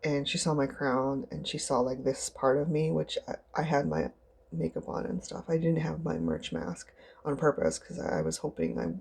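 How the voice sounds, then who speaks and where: Low gravelly-voiced woman vlogging. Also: lively intonation, normal speed, darkish tone. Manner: chatty, rambling, acts out others in high squeals. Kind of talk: casual storytelling vlog.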